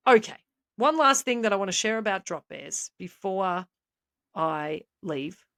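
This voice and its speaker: A woman's voice: mid-range voice, lively intonation, slow, vocal fry, long pauses, fairly bright tone, no room sound. Aussie woman doing a podcast, playful mock-serious storytelling, dry close sound. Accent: Australian. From Australia. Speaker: podcast co-host.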